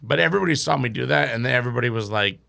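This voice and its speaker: Gravelly, profane man telling stories. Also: medium pitch, expressive, very fast, bright, forceful tone. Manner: profane, laughing storyteller. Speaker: podcast guest. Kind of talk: casual storytelling.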